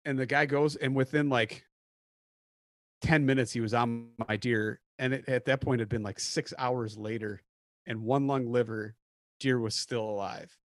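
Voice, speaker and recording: A man's voice: mid-range voice, normal speed, no echo, clean studio sound. Man host acting out his story. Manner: animated storyteller acting out quotes. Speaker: podcast host. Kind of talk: casual chat, hunting story.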